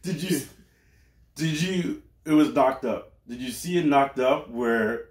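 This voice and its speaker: A man's voice: medium pitch, slow pace, reverberant. A man co-hosting a casual podcast chat. He keeps things laid-back, mostly with short, dry replies. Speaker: podcast co-host.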